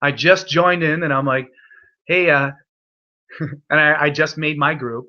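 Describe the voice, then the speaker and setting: A young man with a fairly high, bright voice rambles casually as host of an online hangout. He swears freely and trips over his own restarts. The sound is dull and lo-fi, like a cheap call mic. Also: steady tone, measured pace. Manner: loose, profane storytelling with many restarts.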